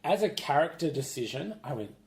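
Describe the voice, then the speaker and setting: A man co-hosting a casual film podcast, speaking in a measured, reflective way. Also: on the high side, very animated, echoey room. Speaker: podcast co-host. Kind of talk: casual film review chat.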